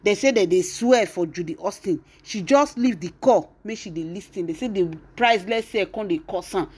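A woman's voice: mid-range voice, lively intonation, normal speed, a little mellow, husky. A woman with a Nigerian accent hosting a celebrity gossip channel, retelling the story dramatically with exclamations and acted-out quotes.

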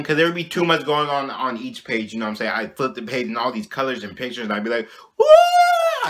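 A young man telling a childhood story in a casual vlog, animated and slangy, often checking in with "you know what I'm saying". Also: mid-range voice. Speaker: vlogger.

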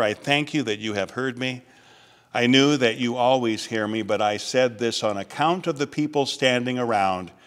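Man preaching in a reverberant church. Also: mid-range voice. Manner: measured preaching, slows and softens on key phrases. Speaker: pastor. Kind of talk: sermon. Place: church sanctuary.

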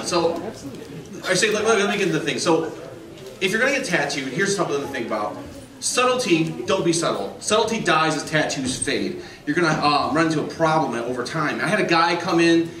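A man doing a stand-up comedy set in a club, telling stories deadpan and acting out his customers. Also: fairly high pitch. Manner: deadpan storytelling, voicing customers. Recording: roomy, distant, noisy club recording. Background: audience laughter.

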